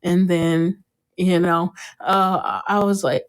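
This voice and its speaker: A young woman hosting a casual podcast, recapping an episode and acting out what the characters said with sudden jumps in pitch and frequent laughter. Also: slow pace, clean tone. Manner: animated, acts out quotes in a jumped-up pitch, laughs often. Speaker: podcast host.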